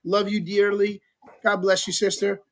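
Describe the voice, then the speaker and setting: A man hosting a casual livestream talk show, giving upbeat, enthusiastic shout-outs and prompting his guests. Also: high-pitched, level tone, normal speed, a little hiss or hum.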